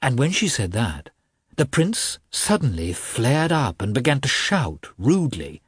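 A man narrating a classic novel as an audiobook, with an expressive, measured reading. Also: medium pitch, breathy edge, no echo, studio quality.

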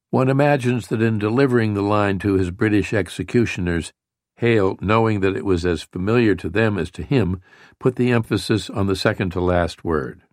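Low-voiced man narrating history. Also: dry recording, clean studio sound. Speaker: audiobook narrator.

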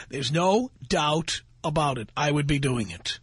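A man's voice: a little high, lively intonation, unhurried, breathy edge, no echo. A man hosting a radio talk show from a studio, delivering a brash, boastful monologue.

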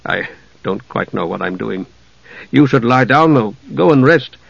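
A man's voice: mid-range voice, lively intonation, gravelly, no room sound, dull audio, exaggerated voice. A man reading an audiobook, voicing a grieving, bewildered father who mumbles and halts. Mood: mumbling. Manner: mumbling, halting.

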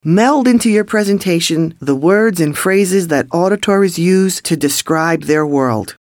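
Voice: mid-range voice, a little slow, no room sound, studio quality. A sales trainer giving coaching tips in an emphatic, scripted voice-over.

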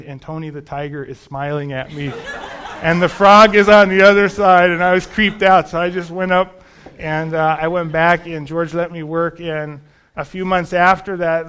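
A man's voice: fairly high pitch, a bit bright. A man preaching a sermon, telling a personal testimony in a conversational, storytelling way. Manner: storytelling, conversational, self-deprecating.

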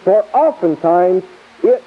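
A man's voice: high-pitched, lively intonation, slow pace, slightly rough. A man teaching verse by verse from the Bible in a sermon, emphatic and repetitive, with chuckling asides, on a tinny lo-fi tape.

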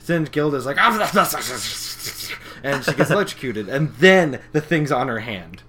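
A young man co-hosting a podcast, retelling cartoon scenes with swearing, laughs and squeaky character voices. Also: expressive, moderate pace, fairly bright tone. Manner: swears a lot, laughs often. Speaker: podcast co-host. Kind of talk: casual recap chat.

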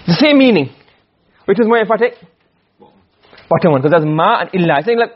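Male teacher, high voice, dull lo-fi sound, keeps asking if students understand. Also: animated, breathy edge. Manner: explains with many checks on understanding, recites Arabic quickly. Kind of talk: classroom lecture on Arabic rhetoric. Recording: dull lo-fi recording.

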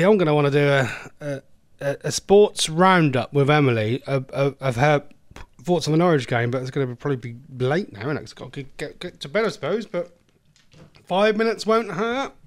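An English man, an adult and former smoker, hosts a casual solo phone-in on online radio, chatting and rambling and often breaking off mid-sentence. His voice sits on the high side, with clean studio sound and no echo.

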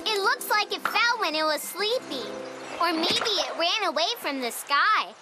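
A woman's voice: very high-pitched, measured pace. Niloya, a bubbly little girl. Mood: wondering. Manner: bubbly, wondering, excitable. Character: cheerful curious little girl. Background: music.

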